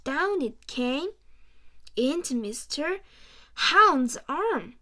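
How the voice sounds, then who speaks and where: A woman reading a children's storybook aloud, slowly and carefully, with small stumbles. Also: high-pitched, lively intonation, a bit bright. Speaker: reader.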